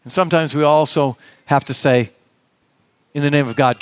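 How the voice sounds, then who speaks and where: A man in middle age delivers a sermon, earnest and conversational, often acting out quoted exchanges. His voice sits a little high. The sound is close and dry, with little room around it. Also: moderate pace, pauses often, no room sound. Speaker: pastor.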